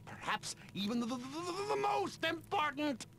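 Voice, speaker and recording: Play a pompous, stammering expedition boss at the very top of your range, gravelly and grating. Stay slow and swing your pitch wildly, outraged by everyone around you. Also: male voice, very animated, fairly bright tone, slight background noise, exaggerated voice. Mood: grumbling. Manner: stammers, bossy and indignant. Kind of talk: video game voice acting.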